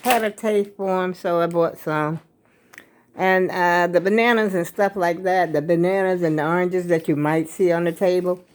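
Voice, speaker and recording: A woman's voice: on the low side, fairly even intonation, moderate pace, a little hiss or hum. An older woman, chatting casually to her viewers in a rambling way, a bit out of breath. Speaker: vlogger. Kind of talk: casual vlog chat.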